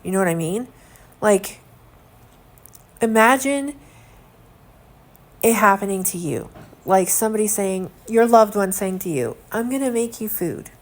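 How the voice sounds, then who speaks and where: A young woman talks straight to the camera at home, her voice sitting at an ordinary middle pitch. She sounds earnest and indignant, rambling loosely and leaning on fillers as she goes. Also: lively intonation, a little slow, pauses often. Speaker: vlogger. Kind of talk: casual chat to camera.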